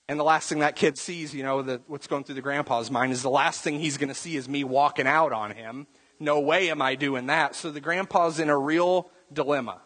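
Male preacher, slightly high voice, conversational sermon, repeats words, acts out quotes, long reverb. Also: a bit bright.

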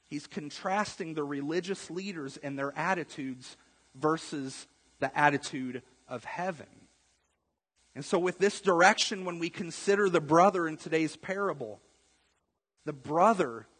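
A man preaching a sermon as pastor, building up to emphatic, forceful bursts. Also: on the high side, breathy edge, in a large hall, low-quality recording.

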